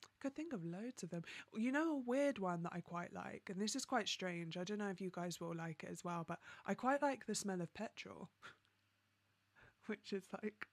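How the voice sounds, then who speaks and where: A woman from London, hosting a casual livestream, reading viewer comments and chatting in an upbeat way, laughing often and filling pauses with ums. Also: mid-range voice, expressive, no echo. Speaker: livestream host.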